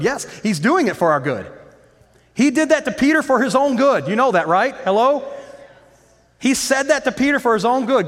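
A man with a high voice preaches a sermon, pressing his points through repetition and rhetorical questions. His voice rings out with the long reverb of a large church hall. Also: sing-song, brisk, fairly bright tone. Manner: impassioned preaching with repeated phrases and rhetorical questions. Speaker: pastor.

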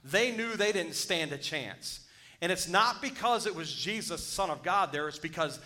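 This pastor's high, expressive voice moves at a moderate pace, bright and forceful. Preaching, he reads from scripture and stops to exhort his listeners, mounting to urgent pleas.

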